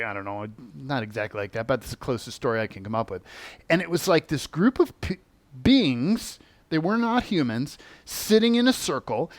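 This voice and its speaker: A man who teaches on spiritual topics, telling a personal story in an animated way and acting out the voices he quotes. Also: mid-range voice, no echo.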